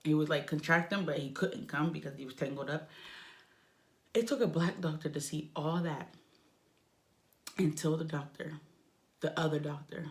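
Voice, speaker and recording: Lively young woman telling a story. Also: moderate pace, long pauses. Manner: animated, emotional retelling with lively pitch swings. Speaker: vlogger telling a birth story. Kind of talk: casual storytelling.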